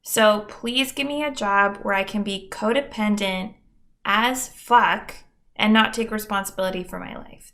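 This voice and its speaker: A woman's voice: medium pitch, fairly bright tone. A young adult woman hosting a podcast, talking candidly and mocking herself, with dramatic asides and plenty of swearing. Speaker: podcast host. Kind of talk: candid solo monologue.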